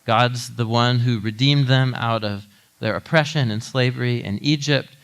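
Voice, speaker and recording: A man pastor giving a conversational sermon, telling a story with animated asides to the audience. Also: medium pitch, normal speed, clean tone.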